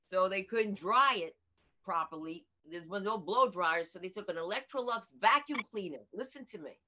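Bright, lively older woman comic. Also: mid-range voice, moderate pace. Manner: animated storyteller, acts out quoted voices. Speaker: comedian guest. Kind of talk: casual interview chat. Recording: dull lo-fi audio.

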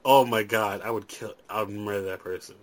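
A man's voice: on the low side, steady tone, a little fast, crowd noise, rough recording. A man hosting a podcast, chatting casually, swearing freely and laughing often. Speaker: podcast host. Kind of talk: casual profane banter.

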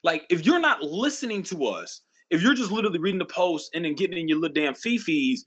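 Lively, emphatic ranting man. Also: high voice, fast talker, muffled recording. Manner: emphatic, ranting, profane, repeats phrases for force. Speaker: podcast host. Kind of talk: casual podcast conversation.

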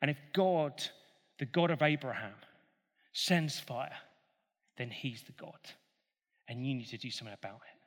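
A man's voice: mid-range voice, expressive, normal speed, pauses often, a bit bright, voice pushed down. A man lightly voicing a bold, defiant male prophet who speaks with confidence and a teasing edge. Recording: long hall reverb.

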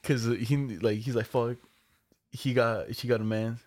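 A young man telling a party story to a friend in casual chat, animated and jumping high in pitch when he quotes people. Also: moderate pace. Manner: animated storytelling, voices others with big pitch jumps.

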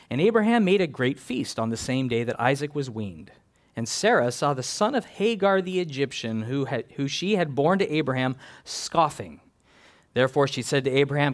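A man preaching an expository sermon, reading scripture and building emphatic, animated lists. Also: medium pitch, moderate pace.

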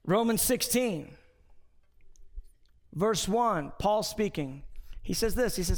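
A man's voice: sits high, expressive, slow, pauses often. A man preaching a sermon as pastor, conversational, with anecdotes and asides, in a church sanctuary. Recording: long reverb from a large hall.

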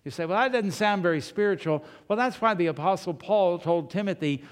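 Folksy preacher in a reverberant hall. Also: male voice, high voice, animated, a little fast, few pauses. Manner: folksy storytelling, rhetorical questions. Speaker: pastor. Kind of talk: sermon. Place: church sanctuary.

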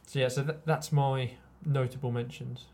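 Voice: mid-range voice, fairly even intonation, moderate pace, creaky, a little mellow. A co-host chatting casually about films in loose, rambling sentences. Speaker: podcast co-host. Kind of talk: casual film chat.

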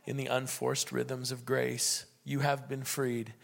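A man's voice: medium pitch, monotone, slow, vocal fry. A young man preaching a sermon and leading prayer in an earnest, conversational way.

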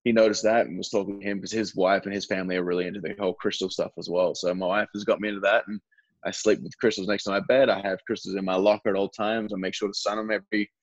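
A man's voice: low voice, level tone, fast talker, no echo, dull audio. A young Australian man chatting as a guest in an interview, rambling with lots of fillers and restarts. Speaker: baseball relief pitcher, guest. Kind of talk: casual interview chat.

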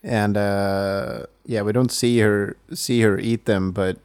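A man's voice: fairly low pitch, fairly even intonation, slow pace, a little mellow, clean tone, no echo. A man co-hosting a casual movie review podcast, laid-back and agreeable in his replies. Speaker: podcast co-host.

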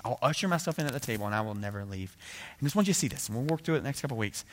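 A male pastor preaching a sermon in a casual, conversational way, acting out dialogue with bursts of rising energy. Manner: animated, acts out biblical dialogue with rising pitch and volume.

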